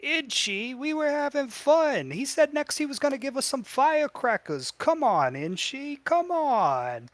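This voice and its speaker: Man as squeaky pleading goblin kids, very high, dry close sound. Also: a little slow, hardly any pauses, no room sound, exaggerated voice. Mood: excited. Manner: excited, pleading. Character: excited goblin children, pushy and whiny.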